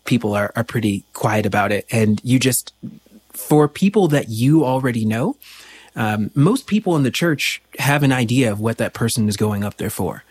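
A man's voice: medium pitch, lively intonation, moderate pace, darkish tone, breathy edge. Reflective man telling his story. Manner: reflective, searching for words. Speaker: interview guest. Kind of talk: personal storytelling in an interview.

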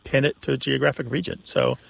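A man's voice: medium pitch, little pitch movement, quick pace, gravelly, fairly bright tone, slightly rough, no echo. A man co-hosting a call-in radio show, explaining word usage in a knowledgeable way with some restarts. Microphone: studio mic.

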